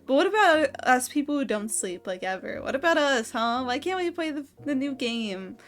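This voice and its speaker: A woman's voice: high voice, expressive, moderate pace, fairly bright tone. A woman streamer in a casual late-night chat, rambling and giggling often.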